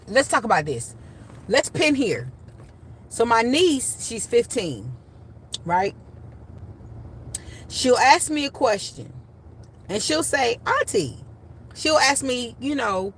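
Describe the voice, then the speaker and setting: A woman who works in childcare telling casual stories to the camera, animated and emphatic, leaning on "literally" and "you know" as she acts out her own comebacks. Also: medium pitch, slight background noise. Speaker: vlogger and childcare worker.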